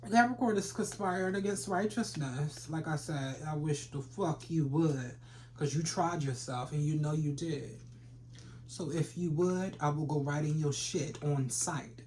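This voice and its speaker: A tarot reader talks over an audible layer of background noise and clicks. The delivery is loose and profane, full of trash talk aimed straight at viewers. The voice sits at a middle pitch. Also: unhurried, darkish tone. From Philadelphia. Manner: brash and profane, trash-talking with sudden laughs. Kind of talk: casual tarot reading for viewers.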